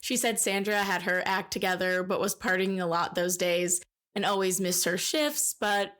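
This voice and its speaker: A woman co-hosting a podcast, reading scripted narration and a promo in a steady way. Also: medium pitch, normal speed. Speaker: podcast co-host. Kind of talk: read-aloud narration and promo.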